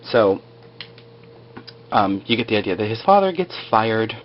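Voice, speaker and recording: A man's voice: fairly low pitch, sing-song, unhurried, slight background noise. Rambling casual man, lo-fi recording. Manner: rambling, filler-heavy, joking asides. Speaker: video blogger recapping a TV episode. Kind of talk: casual spoken recap.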